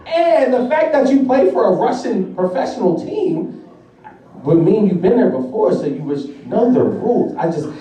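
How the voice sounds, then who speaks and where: A man's voice: high-pitched, big pitch swings, moderate pace, mellow. A young man performing a profane, laughing stand-up comedy routine. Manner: brash, profane, laughing through jokes. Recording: echoey room from far off.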